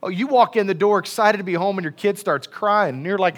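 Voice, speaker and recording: A man's voice: high-pitched, a little fast. A man preaching a casual, folksy sermon in a church, chatty and self-deprecating with many fillers. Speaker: pastor. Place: church sanctuary.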